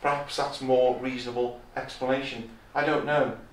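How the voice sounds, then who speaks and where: This visiting preacher has a mid-range voice, a flat delivery and a moderate pace, yet his chapel sermon is emphatic. He repeats key phrases and speaks up when quoting scripture. The recording is far-off and echoey, with slight background noise.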